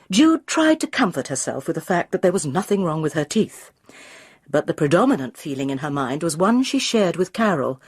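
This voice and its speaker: Husky woman reading a crime novel. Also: lowish voice, a little mellow, dry recording, studio quality. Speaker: narrator.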